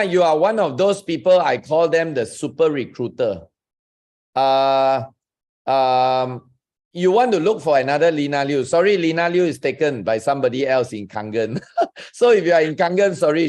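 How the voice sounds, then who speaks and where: A man's voice: on the high side, darkish tone. A man hosting a Zoom session as a network marketing coach, giving an emphatic, enthusiastic motivational talk and addressing listeners directly. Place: online Zoom group call. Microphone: video call.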